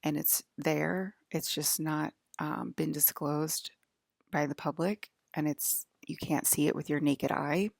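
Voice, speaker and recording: Anxious woman vlogger, low and heavily fried, wandering talk, dry close sound. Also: steady tone, a little slow, gravelly, a little mellow, no echo. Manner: hesitant, full of fillers and restarts. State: jittery and anxious. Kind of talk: rambling personal monologue.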